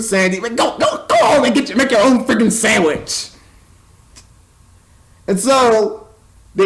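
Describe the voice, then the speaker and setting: A young man with a high-pitched voice gives a casual spoken movie review that rambles and sounds exasperated, and he stumbles and repeats words. The audio is poor.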